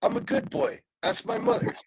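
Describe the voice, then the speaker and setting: A man on a live panel chat, talking in a vulgar, loud, abrasive way as he tells stories. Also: extremely high pitch, fairly even intonation, moderate pace, creaky, very noisy. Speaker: regular panelist.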